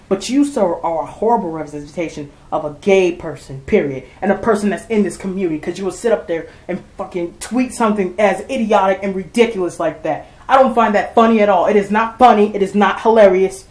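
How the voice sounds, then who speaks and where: A woman's voice: lowish voice, a little mellow, roomy sound, poor audio. A woman ranting heatedly to her viewers, swearing and repeating herself as she vents. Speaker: vlogger. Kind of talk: angry rant to camera.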